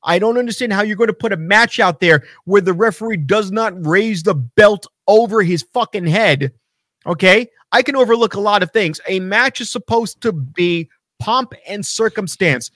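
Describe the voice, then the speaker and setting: A man with a notably high voice, rants about wrestling in a casual talk show, swearing freely and getting worked up. The sound is dry and close, with no room around it. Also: moderate pace, dry recording. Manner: animated, profane ranting. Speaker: podcast co-host.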